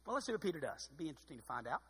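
A man preaching a sermon as pastor, expressive and dryly sarcastic, with loud emphatic bursts and quiet asides. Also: fairly high pitch, very fast, slightly rough, long reverb tail.

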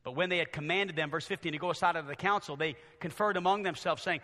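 High, animated preaching man in echoing church. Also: fast, few pauses. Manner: swings from loud preaching to hushed near-whispers. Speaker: pastor. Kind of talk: sermon. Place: church sanctuary. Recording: long reverb in a church sanctuary.

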